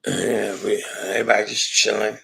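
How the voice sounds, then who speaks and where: Man, livestream host, gravelly, husky, low voice, rambling profane chat. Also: level tone, normal speed, a bit bright, poor audio. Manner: rambling, laughing, swearing, slangy.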